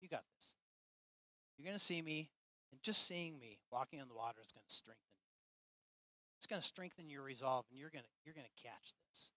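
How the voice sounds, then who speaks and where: A man voicing Jesus, speaking softly and encouragingly to his disciples. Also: medium pitch, animated, brisk, pauses often, no echo, poor audio. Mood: reassuring.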